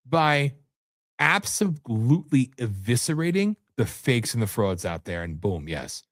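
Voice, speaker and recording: A man's voice: mid-range voice, very animated, unhurried, no echo, clean studio sound. A man hosting a live political talk show, ranting in a rambling, profane and combative way that jumps from topic to topic. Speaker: host.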